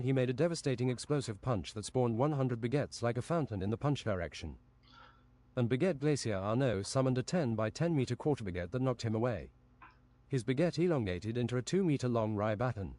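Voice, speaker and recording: A man reading an absurd fantasy story aloud on a stream in a deadpan, matter-of-fact way. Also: mid-range voice, fairly quick.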